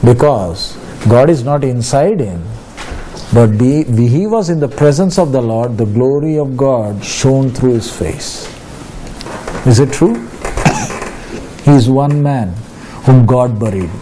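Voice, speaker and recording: A man's voice: medium pitch, lively intonation, slow, long pauses, background noise. A male preacher giving a sermon, reading scripture aloud and questioning his listeners with emphasis.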